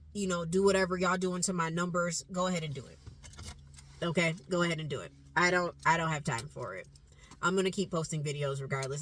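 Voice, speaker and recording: A woman's voice: lowish voice, a bit bright. A woman vlogger talking straight to her viewers, emphatic and repetitive, with casual swearing. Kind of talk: casual direct-to-camera talk.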